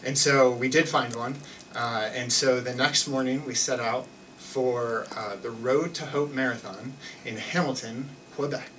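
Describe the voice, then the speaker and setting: A man's voice: mid-range voice, fairly even intonation, a little slow, a bit bright, distant mic, a little hiss or hum, rough recording. A young man telling a personal story on stage in a loose, self-mocking way, full of restarts and fillers. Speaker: live storyteller. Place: theater stage with an audience.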